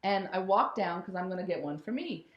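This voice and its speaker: A woman telling a personal spiritual story in a candid, animated way, swearing casually and laughing as she goes. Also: lowish voice, fairly quick, muffled recording. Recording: roomy echo.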